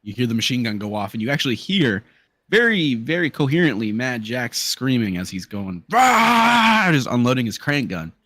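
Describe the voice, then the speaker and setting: A man narrating a tabletop game as game master, casual and halting with fillers. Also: medium pitch, expressive, fairly bright tone.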